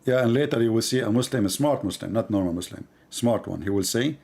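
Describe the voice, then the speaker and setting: A man hosting a live stream, talking in a mocking, animated way with sudden drops to a mutter. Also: on the low side, quick pace, gravelly, few pauses, breathy edge.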